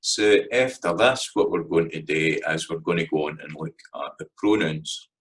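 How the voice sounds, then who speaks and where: A man with a Scottish accent giving a casual spoken lesson, relaxed and hesitant, with many fillers and restarts. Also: rumbling low, moderate pace, rough recording. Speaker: language teacher.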